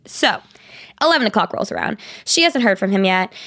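A woman's voice: medium pitch, sing-song, a little fast, gravelly, fairly bright tone. A young woman co-host telling a story in casual chat, full of fillers. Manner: chatty, lots of "like" fillers.

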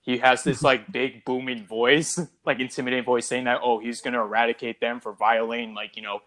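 A man's voice: mid-range voice, little pitch movement, fairly quick, fairly bright tone. A man co-hosting a casual podcast about a film, talking it through and acting out character lines in a raised voice. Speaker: podcast co-host. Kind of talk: casual movie discussion.

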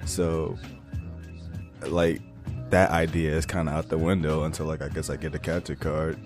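A young man who makes gaming videos, chatting casually in a soft-spoken, laid-back way with lots of fillers. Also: rumbling low, level tone, moderate pace, soft background music. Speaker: gaming YouTuber. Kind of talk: casual chat.

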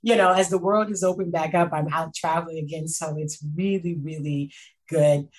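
Animated, laughing woman telling stories. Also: deep voice, normal speed. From Canada. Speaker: guest, sex educator. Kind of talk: casual chat.

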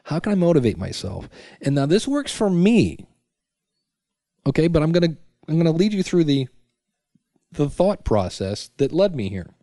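A man's voice: on the high side, very animated, normal speed, long pauses, dark tone, dry recording, clean studio sound. A middle-aged man hosting a casual solo podcast from his basement, chatty and full of restarts and self-talk asides. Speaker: podcast host. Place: home basement. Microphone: studio microphone.

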